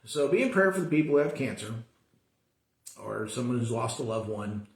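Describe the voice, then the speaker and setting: This suburban American Sunday school teacher has a gravelly, mid-range voice with lively intonation and normal speed. His Bible class talk is casual and earnest, full of restarted sentences, recorded in an echoey room.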